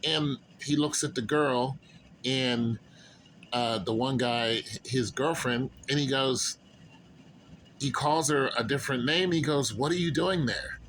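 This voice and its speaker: Man, mid-pitched voice, earnest rambling storyteller, faint hiss under him. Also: slow pace, fairly bright tone, poor audio. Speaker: vlogger. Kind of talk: casual monologue.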